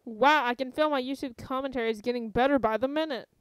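A woman doing comedic YouTube commentary, jokey and sarcastic, jumping between loud asides and quiet ones. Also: high voice, fast, smooth, dry recording, low-quality recording.

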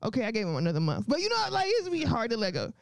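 A woman's voice: on the high side, wildly swooping pitch, rapid-fire, dry recording. Brash woman doing crude stand-up. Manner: brash, crude, laughs often between lines. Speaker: stand-up comedian. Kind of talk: stand-up comedy set.

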